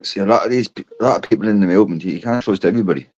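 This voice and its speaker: A man's voice: lowish voice, very fast, a little mellow, no echo. A man hosting a podcast, chatting casually, swearing and telling rambling stories. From Ireland. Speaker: podcast host. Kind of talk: casual chat. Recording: dull, dry sound.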